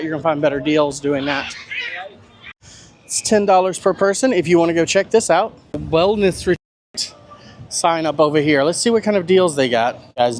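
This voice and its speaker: A man's voice: a little high, slight background noise. A man who works as a travel agent, chatting casually through a travel vlog as he walks around a cruise port, pointing things out with upbeat asides. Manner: chatty, upbeat tour-guide commentary with easy asides. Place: outdoors at a cruise port shopping area.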